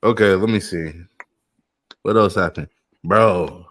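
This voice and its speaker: A young man co-hosting a casual podcast, chiming in with relaxed, slangy agreement. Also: low-pitched, slow pace. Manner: laid-back backchanneling, slangy. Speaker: podcast co-host.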